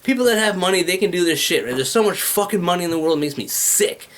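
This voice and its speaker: A man's voice: sits high, animated, fast talker. A man in a casual, rambling rant, swearing often and restlessly jumping between ideas. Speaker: vlogger pitching his venture.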